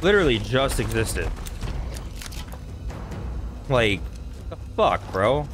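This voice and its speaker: Male let's-play host, low-pitched, swears freely while narrating his game. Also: expressive, moderate pace, long pauses, a bit bright, soft background music. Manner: casual, profane, talks to himself while playing. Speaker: gaming channel host.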